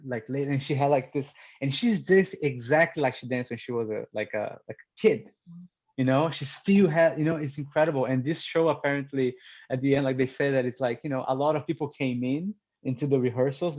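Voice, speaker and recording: A man hosting a casual video call chat, laughing often and throwing in quick asides. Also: mid-range voice, a little mellow, highs cut off. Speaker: host.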